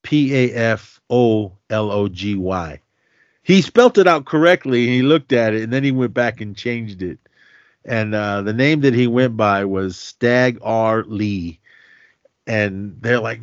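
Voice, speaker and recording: A man's voice: lowish voice, unhurried, no echo. A man hosting a podcast, casually recapping films in a loose, chatty way with lots of fillers and slang. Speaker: podcast host. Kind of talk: casual movie recap chat. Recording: dull lo-fi, dry sound.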